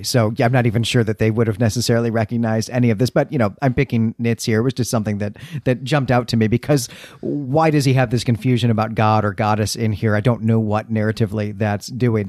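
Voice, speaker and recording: A man co-hosting a book podcast, musing quickly about a story and chuckling now and then. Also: on the low side, fairly even intonation, a little mellow, dry recording, clean studio sound. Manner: quick, musing, laughs easily. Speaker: podcast co-host. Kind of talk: casual book discussion.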